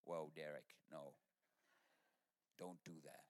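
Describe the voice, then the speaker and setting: A man's voice: a bass voice, fairly even intonation, slow, darkish tone, voice pushed down. A man doing a stern preacher friend. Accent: put-on foreign accent. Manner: firm, insistent. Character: stern male preacher friend giving firm advice.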